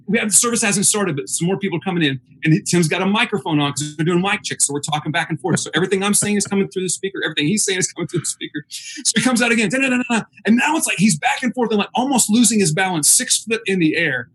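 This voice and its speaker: A man's voice: sits high, very fast, a little hiss or hum. A man telling a funny story in a casual chat, acting out the voices of others and laughing as he goes. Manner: animated, acts out the voices of others.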